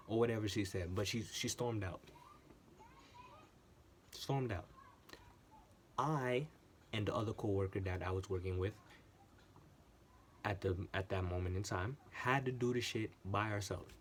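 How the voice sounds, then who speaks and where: Animated man telling a story. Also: on the low side, moderate pace, long pauses, slight background noise. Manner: animated, repetitive, swears casually. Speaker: channel host. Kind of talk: casual storytelling monologue.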